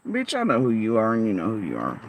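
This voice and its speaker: A woman's voice: extremely low pitch, sing-song, fast, gravelly, muffled recording, background noise. A woman vlogger in a heated livestream rant, cursing freely and firing confrontational rhetorical questions at her chat.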